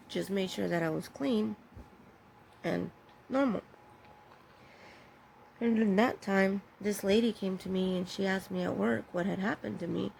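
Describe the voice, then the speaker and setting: A woman talks through a personal story in a vlog, in a candid and halting way. Her voice is full of vocal fry and sounds deeply gravelly. Faint noise sits behind her. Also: darkish tone, rough recording. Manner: halting and candid, with pauses and self-corrections. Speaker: vlogger sharing her own story.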